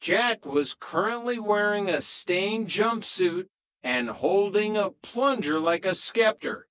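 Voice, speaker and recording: A man narrating a comic story as a scripted storybook reading, in an even, unhurried way. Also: high-pitched, clean tone, no room sound, poor audio.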